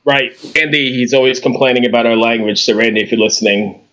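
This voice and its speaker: A man's voice: medium pitch, fast talker, a bit bright. A man hosting a podcast in casual banter, teasing his co-host and laughing often.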